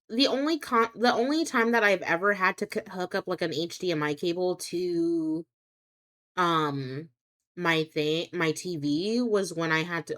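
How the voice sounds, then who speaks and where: A woman's voice: lowish voice, fairly bright tone. A young adult woman live streaming, chatting casually with viewers. She rambles, hesitating and restarting often with many fillers. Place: home streaming setup.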